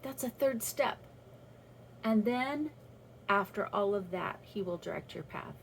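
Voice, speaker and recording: A woman's voice: mid-range voice, expressive, unhurried, vocal fry, slight background noise, low-quality recording. A woman talking through a personal faith reflection in a casual, earnest way, with restarts as she thinks aloud. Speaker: vlogger sharing a faith reflection.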